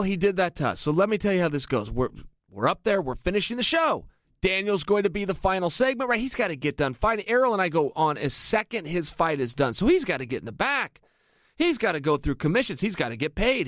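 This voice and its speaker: A middle-aged man and MMA analyst, telling an energetic anecdote and talking straight to his listeners. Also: sits high, a little fast, no room sound, clean studio sound. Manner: energetic, addresses listeners directly. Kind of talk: animated anecdotal storytelling.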